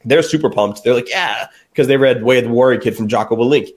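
Fast-talking energetic man. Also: mid-range voice. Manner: energetic, tells stories of dads with acted-out quotes. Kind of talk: casual panel discussion.

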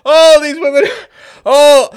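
A man's voice: extremely high pitch, flat delivery, takes it slowly. A man hosting a livestream show, talking casually in a sarcastic, mocking way and breaking into fits of laughter. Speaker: host of a call-in livestream show. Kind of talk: casual monologue.

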